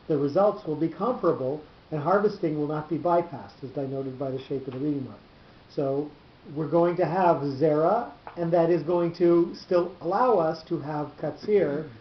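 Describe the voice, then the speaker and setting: A man teaching a small class at a measured, halting pace, circling back over his own words as he explains. His voice sits a little higher than most men's. The room is echoey and the recording is dull and lo-fi with a faint hiss. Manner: measured, halting, repeats words while thinking.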